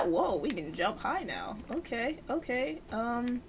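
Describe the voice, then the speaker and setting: A woman streaming a game, reacting emotionally with loud outbursts, laughter and swearing, talking to the game. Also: fairly high pitch, sing-song, takes it slowly, slightly rough. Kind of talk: live gameplay reactions.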